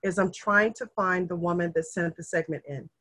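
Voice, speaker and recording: With a lowish, breathy-edged voice at a moderate pace, a middle-aged guest describes her family history in a casual conversation. She tells it earnestly and emotionally, animating the quoted figures as she acts them out.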